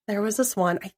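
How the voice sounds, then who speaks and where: A woman co-hosting a podcast, telling stories in a chatty way and laughing often. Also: medium pitch. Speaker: podcast co-host. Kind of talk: casual chat.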